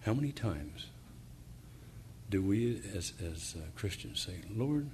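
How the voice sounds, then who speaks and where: Here a man gives a sermon, reading and explaining verses amid pauses, fillers, and restarts before reaching fervent emphasis. He speaks in a deep, animated voice that is a little mellow, over a slight hiss or hum.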